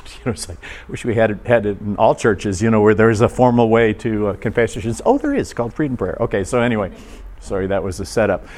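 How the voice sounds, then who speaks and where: A man's voice: fairly low pitch, a little mellow. Man giving a casual, chatty sermon. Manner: informal, asks the audience questions, acts out short voices. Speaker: preacher. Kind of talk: conversational sermon.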